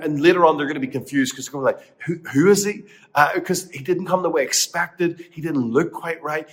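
A middle-aged man preaching a sermon as pastor, earnest, dropping to quiet lines and rising to emphatic ones. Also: mid-range voice. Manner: earnest, swings between hushed and emphatic.

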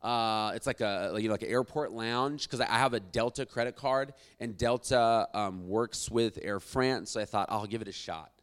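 A man preaching a sermon as pastor, swinging between loud emphatic lines and quiet asides. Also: on the low side, moderate pace, hardly any pauses, smooth.

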